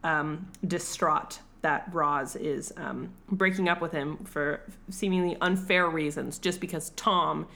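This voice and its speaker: A woman's voice: deep voice, steady tone, unhurried, creaky, few pauses, pushed and bright. A woman in casual chat, animatedly retelling a film plot, acting out quotes, laughing and swearing.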